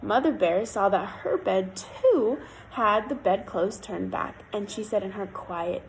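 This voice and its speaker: A woman storyteller reading a fairy tale aloud in an expressive, lilting way. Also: medium pitch, a little slow, slight background noise, poor audio.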